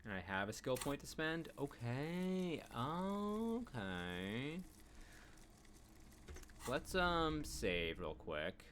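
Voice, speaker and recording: A man's voice: mid-range voice, very animated, a little slow, hardly any pauses, bright, forceful tone, slight background noise. A man streaming a video game, rambling casually and humming filler syllables while he thinks. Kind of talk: casual let's-play commentary.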